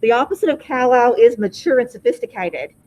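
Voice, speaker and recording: A woman teaching a high school vocabulary lesson in a classroom, having students repeat each word. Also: expressive, fairly quick, a little mellow, rough recording. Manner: drills pronunciation, asks class to repeat words.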